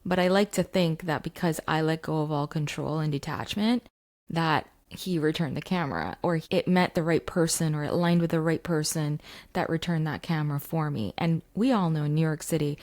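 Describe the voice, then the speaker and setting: A woman's voice: low voice, normal speed, a little mellow. A woman, a mindset coach, telling a story to camera in a chatty way with many fillers. She is recording in her home basement.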